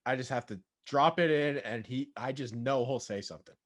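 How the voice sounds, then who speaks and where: A man's voice: mid-range voice, normal speed. An upbeat man hosts a casual podcast in an ordinary mid-range voice. He talks loosely and swears now and then. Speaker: podcast host.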